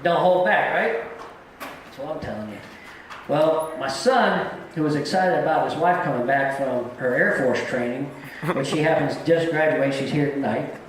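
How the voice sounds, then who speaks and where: A man's voice: on the high side, moderate pace, heavy reverb, slight background noise, rough recording. A middle-aged man doing a live stand-up set on a comedy club stage, telling stories in a plain-spoken, folksy way.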